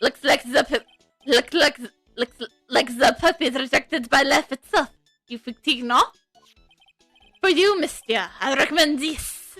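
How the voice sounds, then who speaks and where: A woman's voice: sits high, measured pace, pushed and bright, dry recording, faint music behind, full character voice. A woman voicing a flamboyant male French restaurant owner in a mock French accent, gushing and fumbling her words.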